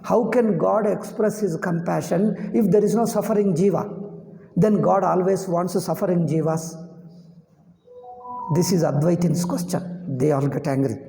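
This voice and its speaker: A man's voice: high-pitched, steady tone, moderate pace, gravelly, dark tone, faint music behind. A man giving a spiritual discourse on Vedanta. He repeats his phrases as he explains and chuckles at his own points. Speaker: Vedanta teacher. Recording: roomy hall with long reverb.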